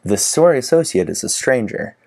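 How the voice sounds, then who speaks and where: A man's voice: medium pitch, sing-song, moderate pace, vocal fry, darkish tone. A man teaching dating advice in a casual, conversational way, acting out sample lines with frequent fillers. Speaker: dating coach. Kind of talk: casual instructional talk to camera.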